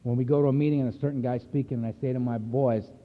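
A man's voice: medium pitch, fairly even intonation, very fast. A man giving a personal recovery talk to a meeting, telling his story bluntly and with emphasis. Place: meeting hall. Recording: echoey hall over a tinny phone-like line.

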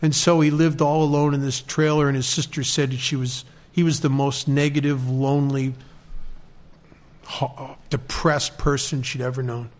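A man telling a personal recovery story in an earnest, halting way, often restarting and quoting the people involved. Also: medium pitch, flat delivery. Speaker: recovery speaker sharing a story.

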